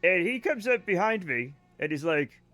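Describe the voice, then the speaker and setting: A man's voice: sits high, big pitch swings, normal speed, bright, forceful tone. A man livestreaming a game and telling rambling stories in a casual chat, often laughing and correcting himself. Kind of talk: casual storytelling while gaming.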